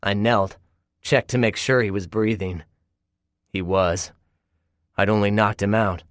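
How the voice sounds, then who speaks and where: Low-voiced man narrating an audiobook. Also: steady tone, measured pace, dry recording, clean studio sound. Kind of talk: first-person audiobook narration with dialogue.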